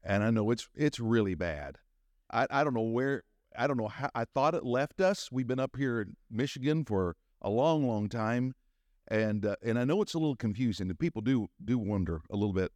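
A man's voice: mid-range voice, expressive, normal speed, a little mellow, no room sound. A man in his sixties with a Southern US accent, preaching a conference sermon in a folksy, joking way that builds to rousing calls for an amen. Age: 60s. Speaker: pastor.

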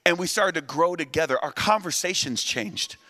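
A middle-aged man preaching a lively, humorous sermon, shouting at peaks and drawing the crowd to answer back. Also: fairly high pitch, moderate pace. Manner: animated, humorous, shouts at peaks, invites responses. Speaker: guest preacher.

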